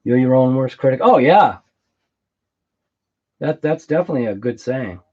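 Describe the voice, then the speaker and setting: A man's voice: medium pitch, expressive, moderate pace, darkish tone, slightly rough, dull audio. A man with a US East Coast accent hosting a casual remote-control hobby livestream, chatting and reacting to viewer comments. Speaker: RC livestream host.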